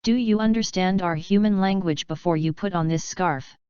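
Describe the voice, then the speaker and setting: A woman's voice: fairly low pitch, moderate pace, darkish tone, clean tone, no echo, natural voice. A woman voicing a bewildered adult man asking stiff, incredulous questions. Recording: dull lo-fi recording.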